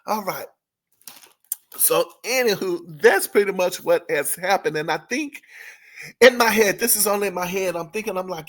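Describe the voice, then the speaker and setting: At a moderate pace, this entertainment commentary host talks in an expressive, high-sitting voice with a fairly bright tone. His casual chatter is loaded with fillers and corrections of himself, and amused laughter frequently interrupts him.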